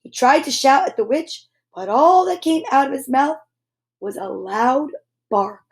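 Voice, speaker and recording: A woman hosting a children's story time, reading books aloud in a gentle, animated way. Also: sits high, measured pace. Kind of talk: reading picture books aloud to kids live.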